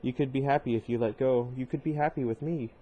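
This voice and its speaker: A cocky, pushy teenage boy who keeps pressing his case in an earnest, insistent tone, read by a man in his own voice. The delivery stays close to a plain male reading voice with a mid-range pitch. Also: fairly even intonation, quick pace, phone-quality sound, natural voice.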